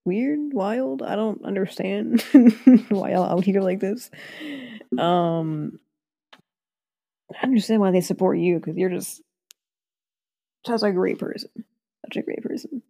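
A woman hosting a podcast in a relaxed, chaotic chat, laughing often. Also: medium pitch, takes it slowly, vocal fry, long pauses. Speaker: podcast host. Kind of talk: casual chat.

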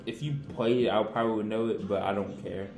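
A man's voice: on the low side, fairly even intonation, quick pace, creaky, darkish tone, echoey room, soft background music, rough recording. A young man in casual chat, laid-back and slangy, with an offhand way of talking.

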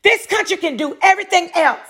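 Very high-voiced and sharp in tone, a middle-aged podcast host from North Carolina, USA, speaks fast and expressively. On her own show she delivers a preachy monologue, answering her own rhetorical questions again and again.

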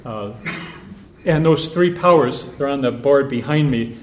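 A man, a priest, giving a relaxed conversational talk to a group at a retreat, telling stories and thinking aloud. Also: medium pitch, unhurried. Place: meeting room with a group. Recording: echoey room, faint background hum.

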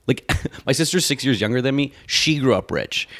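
Lively Canadian-raised man chatting. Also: mid-range voice, moderate pace. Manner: chatty, laughs often, self-deprecating. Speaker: podcast co-host. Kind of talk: casual banter.

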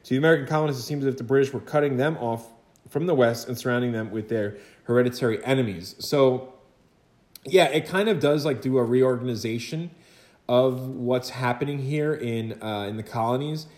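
A man's voice: medium pitch, darkish tone. Chatty male history teacher, echoey room. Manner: chatty, rhetorical asides and quick acted quotes. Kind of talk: recorded lecture for students.

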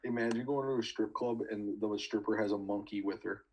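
Laid-back young man, low voice. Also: fairly even intonation, brisk, darkish tone, husky, low-quality recording. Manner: easygoing, laughs often, laid-back storytelling. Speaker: podcast co-host, recruiting coach. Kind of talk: casual sports chat.

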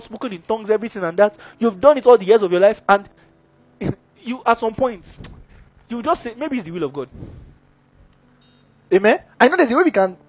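A man's voice: very high-pitched, slightly rough, dry recording. A man preaching a sermon, who keeps checking in with his audience. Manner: engaging, keeps asking the audience "are we together, guys?".

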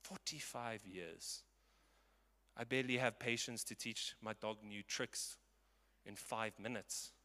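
A man's voice: fairly low pitch, slow, bright, forceful tone, in a large hall. A man in his twenties preaching a sermon with passion and emphasis. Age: 20s.

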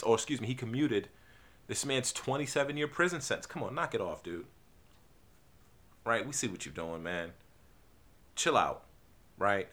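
A man's voice: medium pitch, a bit bright. A man from New Jersey hosting a podcast, talking in a casual, rambling, profane monologue full of restarts and fillers. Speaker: podcast host.

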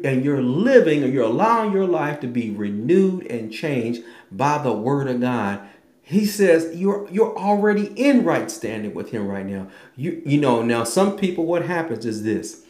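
A man preaching a sermon with emphatic delivery, quoting scripture and swinging between raised and hushed lines. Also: a little high, roomy sound.

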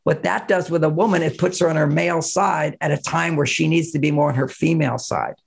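A man's voice: fairly high pitch, steady tone, brisk, vocal fry, slightly rough. A man giving relationship advice as a podcast guest, talking in an emphatic, explanatory way with frequent chuckles. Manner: married, talks of his own marriage. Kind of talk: conversational advice in an interview.

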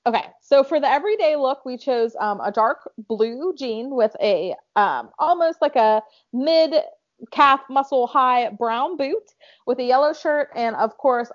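Co-hosting a casual podcast, a Southern American woman rambles chattily, leaning on fillers, "like" and talking to herself. Her voice is a little high, and the audio has its highs cut off.

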